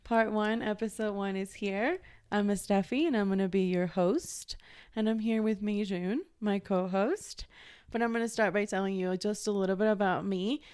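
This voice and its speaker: A woman from Ecuador in her thirties hosts a relaxed podcast conversation. She talks in a chatty, upbeat way with a smooth, clear voice at a middling pitch. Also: moderate pace. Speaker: host. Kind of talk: casual podcast chat.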